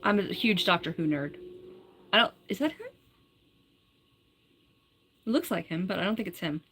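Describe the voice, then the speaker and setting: Woman, livestreamer, casual live-stream chat, giggly, lots of "like", bright tone. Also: lowish voice, expressive, normal speed, a little hiss or hum. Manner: chatty, giggly, full of "like".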